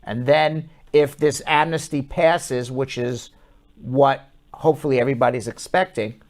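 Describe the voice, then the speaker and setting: Man, New York accent, call-in show host, brisk, reassuring, interrupts callers. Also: medium pitch, steady tone. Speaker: immigration lawyer and show host.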